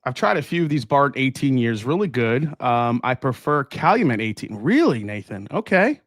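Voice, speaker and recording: A man's voice: medium pitch, big pitch swings, normal speed, no room sound. Casual, rambling male live-streamer, dry sound. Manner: rambling, thinks aloud with fillers and restarts. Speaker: whiskey reviewer hosting a live stream. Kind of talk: casual live-stream chat, unboxing and reading chat.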